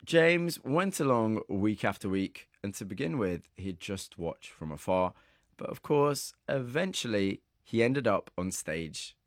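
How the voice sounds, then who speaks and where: A man narrating a documentary piece and asking interview questions in a measured way. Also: fairly low pitch, expressive, dry recording, studio quality. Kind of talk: scripted narration.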